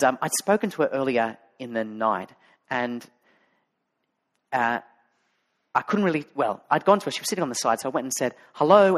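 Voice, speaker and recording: A man with an Australian accent preaching a sermon as a pastor, talking conversationally and telling stories with many fillers and restarts. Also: mid-range voice. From Sydney, Australia.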